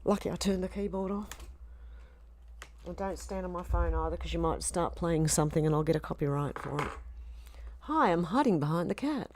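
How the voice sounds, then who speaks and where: A woman's voice: on the low side, flat delivery, a little fast, darkish tone, slight background noise. An Australian woman on a casual home live stream, reading chat comments aloud and chiding her cat between them.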